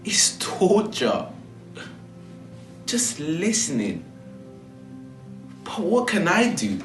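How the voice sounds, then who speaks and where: A man's voice: a little high, fairly bright tone, distant mic, heavily acted. Peter, a man playing a shamed disciple. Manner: slow, emotional, cries out in denials. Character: Peter, a remorseful frightened disciple. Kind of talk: amateur stage monologue. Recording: echoey room with faint music.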